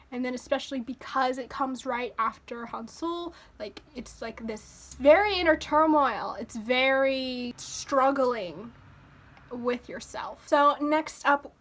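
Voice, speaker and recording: A woman's voice: sits high, fairly bright tone. A young woman vlogging her first reaction to an album, talking casually and getting openly emotional, gushing and exclaiming between her thoughts. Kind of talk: casual music reaction commentary. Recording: music playing behind her. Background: music playing.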